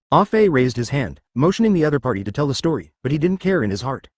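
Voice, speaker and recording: A man's voice: mid-range voice, very animated, quick pace, hardly any pauses, no echo, studio quality. A male text-to-speech voice narrating a fanfic story in a machine reading that reads out stray words.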